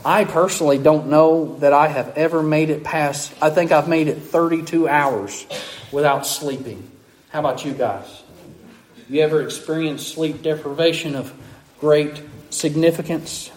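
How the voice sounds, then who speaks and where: A man preaching a sermon as pastor, slow and emphatic, with long pauses and hushed drops. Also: on the high side, slight background noise. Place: church sanctuary. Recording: echoey church room.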